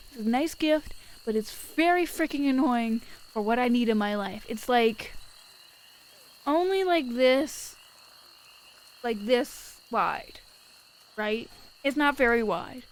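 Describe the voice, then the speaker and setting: A woman's voice: on the high side, rough recording. Woman streamer, casual rambling chat, swears a lot, light hiss in the background. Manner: swears freely, rambling with filler words. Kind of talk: casual live-stream chat, reading viewer messages. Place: at her desk at home.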